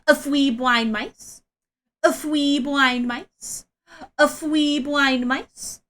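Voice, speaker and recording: A woman doing a cutesy baby-talk uwu voice with a lisp and a slow sing-song delivery. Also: sits high, steady tone, a bit bright, exaggerated voice.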